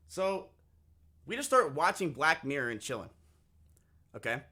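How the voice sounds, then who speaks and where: A man's voice: fairly high pitch, big pitch swings, moderate pace, bright, forceful tone, slightly rough. A man streaming live, telling a long personal story to his chat in a crude, candid, casual way, often repeating himself.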